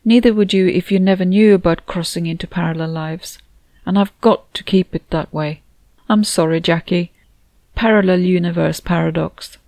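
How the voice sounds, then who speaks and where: A woman reading a warm, motherly woman in an audiobook, who speaks gently and soothingly to a grieving friend. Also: fairly low pitch, fairly even intonation, normal speed, no room sound, lightly acted. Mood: comforting.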